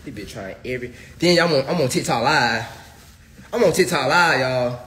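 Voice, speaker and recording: A man talking straight to his viewers in a loose livestream rant. He swears freely and hammers his points home, ending line after line with "bro." His voice sits at an everyday middle pitch. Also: normal speed, a bit bright. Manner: profane, emphatic, keeps saying bro.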